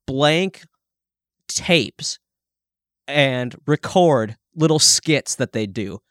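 A man's voice: mid-range voice, expressive, extremely slow, fairly bright tone, dry recording, clean studio sound. A young man co-hosting a podcast, chatting casually, swearing a lot and breaking into little sung jingles. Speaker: podcast co-host. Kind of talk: casual chat.

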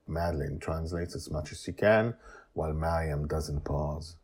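Deep, husky man narrating a story podcast. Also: normal speed, darkish tone.

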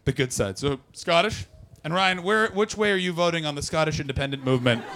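A man from Canada doing brash, profane stand-up crowd work, often jumping into loud shouted voices. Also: fairly high pitch, a little fast, a little hiss or hum. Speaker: stand-up comedian. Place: comedy club with audience.

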